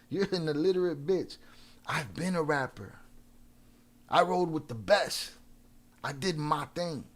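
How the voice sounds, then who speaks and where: A man hosting a live stream in casual chat. He trash-talks trolls with a lot of swearing and gives quick shout-outs full of restarts. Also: on the high side. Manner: profane and combative, trash-talking trolls.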